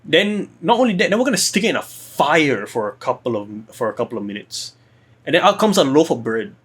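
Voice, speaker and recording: Young man, podcast co-host, rambling, profane, lively pitch, casual chat. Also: fairly quick, breathy edge.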